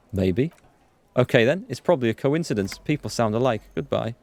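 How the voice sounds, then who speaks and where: A man hosting a let's play, reading the game's dialogue aloud with quick asides to viewers. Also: gravelly. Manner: reads dialogue aloud with quick asides, jumps in pitch when excited. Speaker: gaming channel host.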